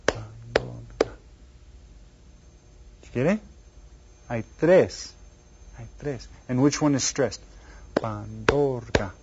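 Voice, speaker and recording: A man teaching an elementary Spanish lesson to children, repeating each word slowly and quizzing the listener. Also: mid-range voice, noisy background. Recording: dull lo-fi recording.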